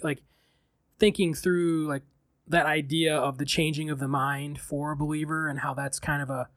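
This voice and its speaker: A man's voice: a little high, fairly bright tone, no echo. A man in a casual podcast chat, talking reflectively with many fillers.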